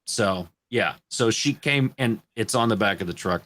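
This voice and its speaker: A man from Illinois, a podcast guest telling crude, animated stories in a casual panel chat. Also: fairly low pitch, normal speed.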